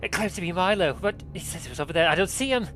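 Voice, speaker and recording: A man's voice: high voice, racing, a bit bright, soft background music, pitched above the performer's own voice. A man doing a frantic, exhausted castle guard. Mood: suspicious. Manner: frantic, panicky.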